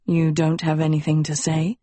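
A woman voicing a confident, protective young prince in an audiobook, lowering her voice and speaking in an assured, commanding way. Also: monotone, moderate pace, dark tone, breathy edge, dry recording. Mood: earnest.

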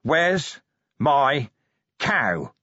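Brief: delirious desperate watchman, put on by a male narrator, pitched up, husky, childlike repetition. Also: very animated, extremely slow, sharp tone, no echo, lo-fi sound, exaggerated voice. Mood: dazed wailing. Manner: dazed, wailing, childlike sing-song repetition.

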